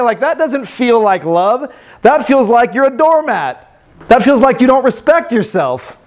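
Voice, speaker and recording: A man's voice: very high-pitched, expressive, measured pace, a little mellow. A man reading a storybook aloud, then reflecting on it in a sermon in a conversational way, with many fillers.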